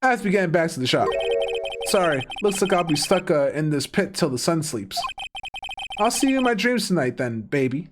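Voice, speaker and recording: Animated streamer goofing around, pitch all over the place, game music in the background. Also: a little fast. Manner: animated, jokey, swears often. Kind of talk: casual game commentary and reading dialogue. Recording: game music playing behind.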